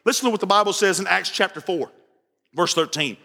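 A man preaching a sermon, telling stories with lots of repetition and shouting some words for emphasis. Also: high-pitched, fairly quick, gravelly. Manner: animated storytelling, repeats phrases, shouts for emphasis. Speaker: pastor. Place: church sanctuary. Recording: long hall reverb from the sanctuary.

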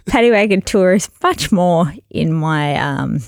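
Podcast host, woman, young, laughs mid-story, low and creaky. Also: expressive, unhurried, darkish tone, dry recording, clean studio sound. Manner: chatty, laughs through her own stories. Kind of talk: casual storytelling chat.

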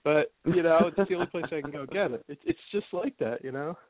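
A man's voice: fairly high pitch, fairly quick, no room sound. Podcast host, male, casual storyteller, phone-quality dry sound. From New Jersey. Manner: rambling storyteller, laughs often. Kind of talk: casual chat.

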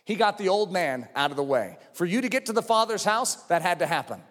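Male preacher, middle-aged, high and highly animated delivery, fervent sermon with shouted peaks; large-hall echo. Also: fairly quick. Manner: impassioned, swings from quiet to shouting. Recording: long reverb of a large hall.

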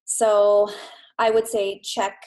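Woman in her thirties, speech therapist, upbeat and reassuring, middle-pitched voice, casual podcast guest. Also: flat delivery, takes it slowly, a little mellow, poor audio. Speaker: speech language pathologist.

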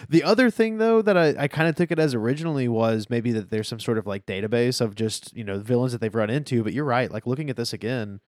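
A man's voice: medium pitch, fast, hardly any pauses, a little mellow, no room sound. A man co-hosting a podcast, chatting in an easygoing, agreeable way about manga chapters, his sentences trailing off. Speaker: podcast co-host discussing a manga. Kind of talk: casual chat.

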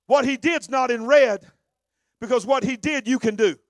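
A man preaching a sermon, swinging from low conversational talk to shouted, sung preaching. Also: moderate pace, slight background noise.

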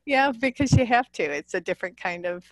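Guest author, woman, 40s, northern Midwest accent, chatty and warm-humored, dry close sound. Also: on the high side, a little fast, no echo. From US Midwest, Illinois. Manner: chatty, laughs often, animated storytelling. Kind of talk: casual interview chat.

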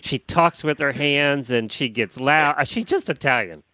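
A man hosting a relaxed podcast roundtable, chatty and teasing, laughing often between remarks. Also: mid-range voice, moderate pace, no room sound. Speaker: podcast host. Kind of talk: casual roundtable chat.

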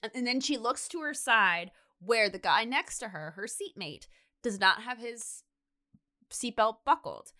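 An animated woman co-hosting a podcast speaks unhurriedly in a slightly high, pushed, bright voice. She casually retells a story, acting out the quotes and saying "like" a lot.

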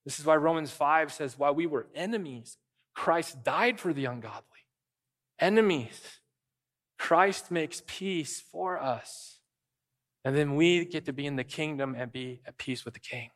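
A man's voice: fairly high pitch, measured pace, a bit bright. A man preaching a sermon, emphatic and direct, acting out quoted voices as he goes. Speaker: pastor.

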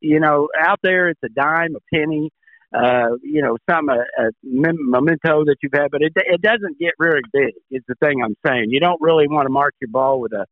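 An older man and former tour pro, a show regular, telling a folksy, animated story in casual chat. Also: on the high side, moderate pace, dry recording. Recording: tinny phone line.

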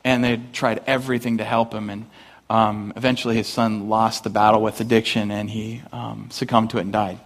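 A man's voice: flat delivery, fairly quick. Conversational man preaching a sermon. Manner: conversational, storytelling, rises high and loud for emphasis. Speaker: pastor.

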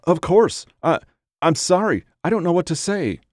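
A tearful, trembling young woman, as a male narrator puts her on, her voice lifted high and shaky. She sounds close and dry, with no room around her. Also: very animated, normal speed, mellow, no echo. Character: frightened young woman lying to her man.

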